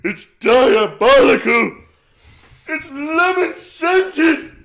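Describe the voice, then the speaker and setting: A man voicing a tiny scheming male cartoon villain with a nasal, strained gravelly voice. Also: very high-pitched, lively intonation, extremely slow, fairly bright tone, reverberant, pitched above the performer's own voice, heavily acted. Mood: gloating.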